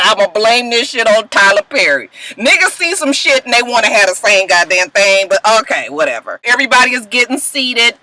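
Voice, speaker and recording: A woman's voice: a little high, pushed and bright, poor audio. A woman recapping a reality show in casual, profane, sassy commentary, laughing often. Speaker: reality TV reviewer.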